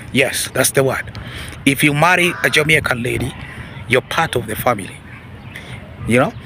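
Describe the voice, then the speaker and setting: Man, commentary host, somewhat high voice, repetitive casual monologue, faint background hiss. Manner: repetitive, addresses audience as ladies and gentlemen; peppers talk with hmm and huh.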